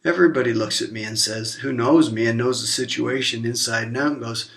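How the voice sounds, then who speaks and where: Man with a gravelly, heated voice. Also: steady tone, a little fast, a bit bright. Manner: confrontational, heated, swears openly; swings between low murmurs and raised outbursts. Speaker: vlogger. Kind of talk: emotional direct-to-camera monologue.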